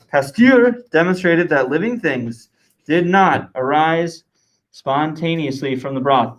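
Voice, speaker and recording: A man teaching a classroom science lesson, lively and talking with students, dictating answers slowly and repeating them. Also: medium pitch, rough recording.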